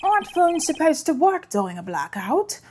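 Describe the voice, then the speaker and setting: A woman voicing a stern older male judge who calls the court to order in a booming, formal way. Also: sing-song, moderate pace, a little mellow, a little hiss or hum.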